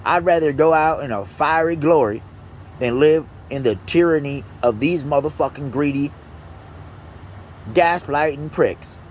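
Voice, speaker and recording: A man reading aloud slowly and haltingly, then breaking off into heated, profane ranting. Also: fairly high pitch, a little hiss or hum. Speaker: vlogger. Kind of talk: angry profane rant.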